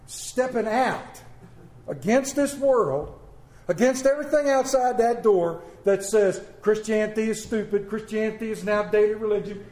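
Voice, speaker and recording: A middle-aged man preaching a sermon to his church, telling stories in a folksy way with sudden loud bursts. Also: high-pitched. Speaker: pastor. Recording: echoey church room.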